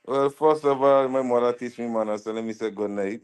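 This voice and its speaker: A man guesting on a live stream interview, relaxed, polite and dryly humorous. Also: medium pitch, brisk, clean tone, faint music behind. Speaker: rapper, guest. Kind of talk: casual interview chat.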